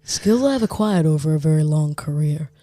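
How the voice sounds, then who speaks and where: A man putting on a slow, low, threatening voice of an action-movie father. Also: expressive, warm tone, dry recording, lightly acted.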